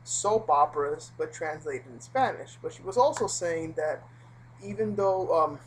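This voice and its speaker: Woman, lowish voice, casual rambling vlog story, lots of fillers. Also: lively intonation, measured pace, slight background noise, poor audio. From Puerto Rico. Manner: rambling, with many fillers and asides. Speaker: vlogger.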